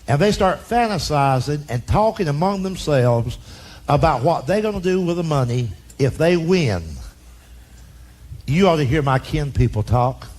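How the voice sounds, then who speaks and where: A man's voice: fairly high pitch, darkish tone. A man, an older stand-up comedian telling folksy stories on stage and acting out relatives in drawling voices. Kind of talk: storytelling stand-up. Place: comedy stage before a laughing audience.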